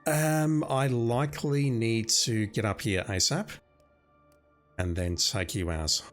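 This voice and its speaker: A man streaming a video game, hoarse and losing his voice, planning his moves aloud as he plays. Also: mid-range voice, slow pace, faint music behind. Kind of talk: gaming commentary.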